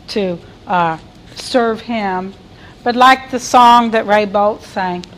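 Slow-preaching woman with a high voice. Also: rough recording. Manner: reads scripture aloud and cries out quoted lines loudly; asks the listeners questions. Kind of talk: sermon.

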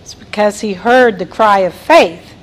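A woman's voice: mid-range voice, a little slow, poor audio. A middle-aged woman preaching a sermon, reading scripture aloud and asking her listeners questions. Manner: reads scripture aloud and cries out quoted lines loudly.

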